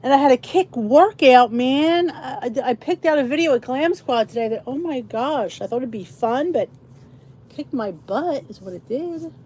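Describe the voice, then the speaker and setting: A woman's voice: high voice, expressive, moderate pace, darkish tone, slightly rough. A middle-aged woman hosting a casual livestream, chatting in a rambling, tired-sounding way to her viewers. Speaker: livestream host. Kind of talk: casual chat to a live audience.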